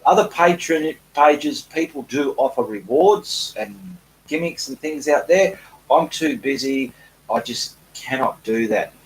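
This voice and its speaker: A man's voice: on the high side, animated, unhurried, slight background noise, low-quality recording. A middle-aged Australian man with an Australian accent, an artist chatting casually on a live stream and reading out viewer comments in a self-deprecating way.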